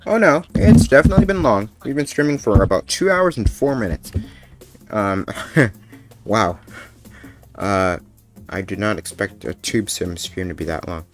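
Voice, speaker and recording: A man streaming a game, tired and joking with his guest in casual chat, mumbling one moment and loud the next. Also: deep voice, measured pace, pauses often, music in the background. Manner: joking, playful, jumps between mumbling and loud.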